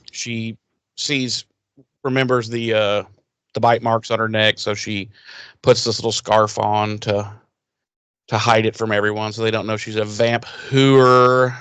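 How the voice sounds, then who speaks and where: A man's voice: medium pitch, fairly bright tone, smooth, no echo. A man co-hosting a podcast, recapping an episode in a rambling, profane way and acting out characters' lines in silly voices. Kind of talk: casual crude recap chat.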